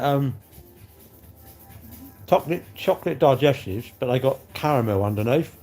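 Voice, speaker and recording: A man's voice: medium pitch, darkish tone. Chatty man live-streaming, faint music. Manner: chatty, bantering, answers comments aloud. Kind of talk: casual live-stream chat with viewers.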